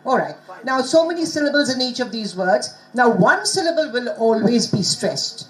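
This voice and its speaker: A woman giving an interactive pronunciation lesson at a conference, coaxing the audience with quick prompts. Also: on the high side, very animated, rough recording. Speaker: conference speaker teaching pronunciation. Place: conference hall.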